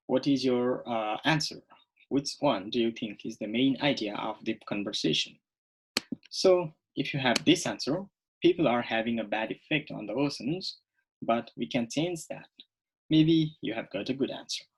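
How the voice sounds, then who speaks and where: Male teacher, recorded video lesson; husky, mid-pitched, patient and repetitive delivery. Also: rough recording. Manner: slow, repetitive, checks in with "okay?". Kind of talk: recorded online English lesson.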